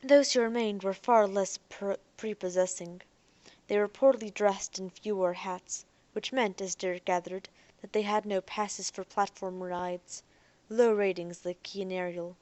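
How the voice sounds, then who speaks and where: A woman narrating an audiobook in a soft, even storytelling voice that sinks almost to a whisper at times. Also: medium pitch, measured pace, dry recording.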